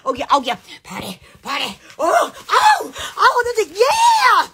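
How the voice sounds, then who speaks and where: A woman's voice: very high-pitched, huge pitch swings, unhurried, fairly bright tone. A woman with a Southern American accent, rambling on a phone live stream, giddy and exclamatory, breaking into squeals and laughter. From Alabama. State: sweating in the heat. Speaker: social media live streamer. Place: hot room at home.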